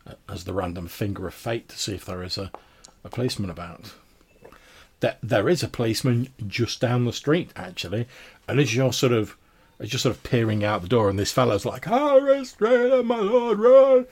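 A man's voice: fairly low pitch, fairly quick, husky. A man narrating as game master of a tabletop role-playing game, rambling with lots of fillers.

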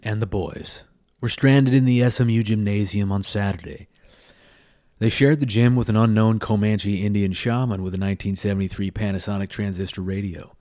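A man's voice: lowish voice, darkish tone, dry recording. Man narrating a story, dry and close. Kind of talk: storybook reading.

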